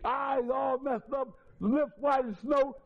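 A man giving a personal testimony in a lively, colloquial storytelling way, with many restarts. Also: very high-pitched, slow pace, highs cut off. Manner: colloquial, repetitive restarts, chuckles through the story.

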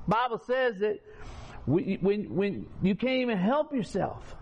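Man with a high voice, unhurried folksy preacher telling his testimony, dull lo-fi recording with a faint room murmur. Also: very animated, slight background noise. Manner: folksy, colloquial storyteller who acts out conversations. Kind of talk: preaching testimony, story told with quoted dialogue.

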